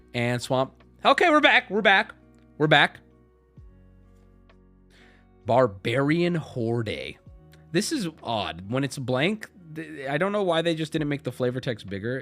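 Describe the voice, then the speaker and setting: A man streaming himself opening card packs, chatting casually and joking, and yelling out loud whenever a rare card turns up. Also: medium pitch. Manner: joking, shouts at rare cards. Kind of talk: casual live-stream chat.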